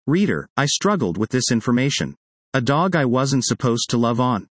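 A man's voice: medium pitch, big pitch swings, normal speed, slightly rough, no echo. Man wryly reading his own essay. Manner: wry, conversational. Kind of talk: reading a personal essay aloud.

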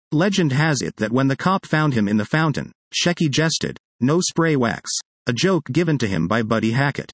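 A comedian reading his own tribute essay as scripted first-person narration, an anecdotal storyteller who drops punchlines deadpan. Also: medium pitch, no room sound.

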